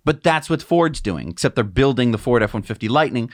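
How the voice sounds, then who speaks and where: A man's voice: mid-range voice, expressive, brisk, music in the background. A man co-hosting a news show in casual chat, explaining things with everyday comparisons. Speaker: co-host.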